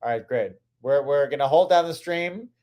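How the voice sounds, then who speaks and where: A man's voice: a little high, moderate pace, dark tone. A man hosting a casual livestream chat, loose and joking, swearing freely. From transplant living in Louisiana. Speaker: livestream host.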